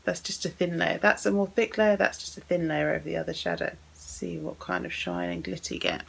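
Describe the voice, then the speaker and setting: A woman's voice: fairly low pitch, steady tone, brisk, gravelly, husky, poor audio. A woman chatting casually as she unboxes and swatches makeup, thinking aloud as she goes. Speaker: beauty vlogger.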